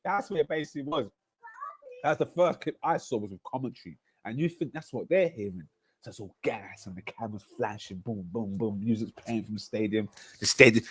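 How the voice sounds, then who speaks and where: A man, hosting a casual football livestream, ranting in slang and swinging between loud outbursts and low mutters. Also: brisk, slightly rough. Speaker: football streamer.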